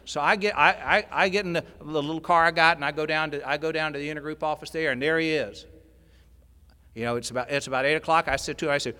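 A man telling a personal story to a convention audience, animated, swinging from loud, excited stretches to low, quiet asides. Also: brisk. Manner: animated storyteller, rising to near shouting, dropping low and quiet. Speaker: workshop speaker at a recovery convention. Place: large convention hall. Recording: long hall reverb.

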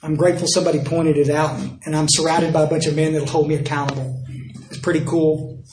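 Speaking fast in a roomy hall with slight background noise, this older recovery speaker from Texas keeps a level tone in a fairly high, darkish voice. At the dinner event he tells homespun stories that poke fun at himself, voicing each side of the conversations.

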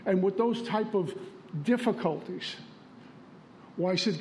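Plainspoken New man, fairly high voice, sharing recovery stories with slight hiss behind. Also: a little slow, pauses often, darkish tone. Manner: storytelling, plainspoken, acts out dialogue. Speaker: recovery meeting speaker. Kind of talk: recovery share.

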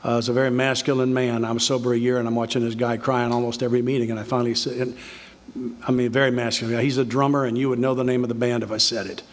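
An older man giving an earnest, confessional recovery talk, telling his story with halting restarts. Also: mid-range voice, flat delivery. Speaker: recovery speaker. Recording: reverberant hall.

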